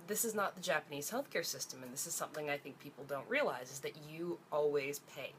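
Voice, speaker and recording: A woman's voice: low voice, fast talker, a little hiss or hum. A young woman from Ontario, Canada, ranting to camera in a blunt, profane vlog, her voice climbing as she gets exasperated. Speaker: vlogger.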